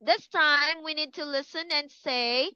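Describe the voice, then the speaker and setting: A woman teaching English to young children, speaking slowly and clearly and encouraging them to repeat words. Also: high-pitched, pushed and bright, no room sound, dull audio. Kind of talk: online class for kids.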